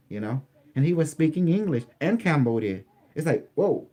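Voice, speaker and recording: Halting man telling his story, English. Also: a little high, big pitch swings, warm tone. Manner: halting, repetitive storytelling with many restarts. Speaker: interview guest. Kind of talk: recounting a personal experience in an interview.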